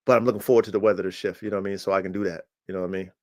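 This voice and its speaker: Talking very fast with fairly even intonation and a slightly mellow voice, this man hosts a livestream about his working dogs as a breeder. His casual monologue over a streaming mic is boastful, swaggering and profane, with his pitch leaping when he's hyped.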